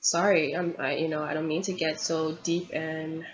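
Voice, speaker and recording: A woman's voice: low voice, fairly even intonation, moderate pace. A woman giving a tarot reading in an earnest, confiding way, often repeating herself as she goes. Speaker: tarot reader. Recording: dull lo-fi audio with faint background hiss.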